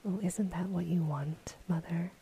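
A woman's voice: on the low side, steady tone, unhurried, mellow, a little hiss or hum. A woman whispering the lines of a weary, sardonic young prince in a whispered role-play storybook reading.

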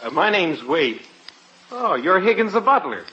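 A wisecracking, lively reporter. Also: male voice, high voice, moderate pace, heavily acted. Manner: brash, joking, impatient. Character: wisecracking young American male reporter. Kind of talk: 1940s radio comedy acting. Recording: muffled old radio broadcast.

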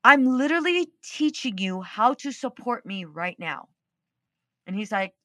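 This is a woman host of her own podcast, telling a personal story in an easygoing, unfiltered way and cursing when it fits. Her voice is bright with an edge of tension. The sound is close and dry. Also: on the low side, a little fast, no room sound. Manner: candid and expressive, swears freely. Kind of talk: casual storytelling monologue.

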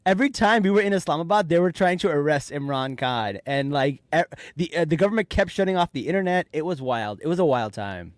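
A man speaking a little higher than most men, rambling excitedly through a casual podcast chat. His voice is close and dry, with no room sound at all. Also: quick pace, few pauses, dry recording. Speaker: podcast host.

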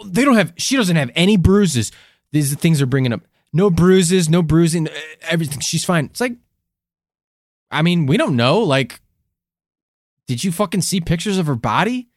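A man's voice: on the high side, no echo, clean studio sound. A man from the United States co-hosting a podcast in casual chat, swearing often and laughing. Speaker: podcast co-host.

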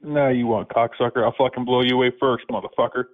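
A man's voice: mid-range voice, flat delivery, fast. Male call target, tinny phone audio: raised, threatening, swearing. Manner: angry, threatening, profane. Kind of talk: heated phone argument.

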